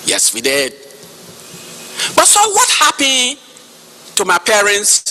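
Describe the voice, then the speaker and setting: Liberian man, 50s, impassioned witness addressing a chairman; sharp bright tone. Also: sits high, very animated, moderate pace, long pauses. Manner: forceful, repeats key words for emphasis, addresses the chairman. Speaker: witness giving testimony. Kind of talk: impassioned public testimony. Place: hall.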